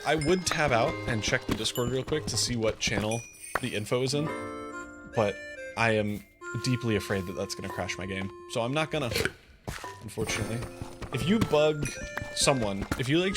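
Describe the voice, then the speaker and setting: Streamer, rambling casual commentary, lively pitch, music under. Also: normal speed. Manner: rambling, self-deprecating, chatty. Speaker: live streamer.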